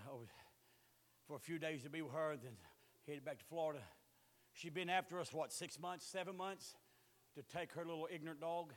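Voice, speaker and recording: A man, preaching a sermon in a folksy storytelling way that rises to hollering. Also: a little high.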